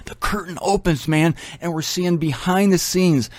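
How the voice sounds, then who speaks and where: A man's voice: fairly high pitch, normal speed, few pauses, no echo. Man preaching casually, dry close sound. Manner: conversational, joking asides. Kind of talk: casual Bible teaching.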